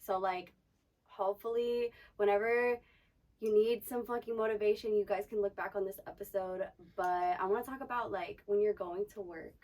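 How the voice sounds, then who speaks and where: A woman's voice: medium pitch, fairly even intonation, moderate pace, darkish tone, far from the mic. A young woman co-hosting a casual chat, giving blunt, profane pep talk. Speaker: podcast co-host, dancer.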